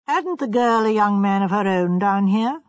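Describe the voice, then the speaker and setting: A reader voicing a mild, measured elderly gentleman in an audiobook. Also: mid-range voice, animated, no echo, muffled recording, close to an everyday voice. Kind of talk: audiobook character voice.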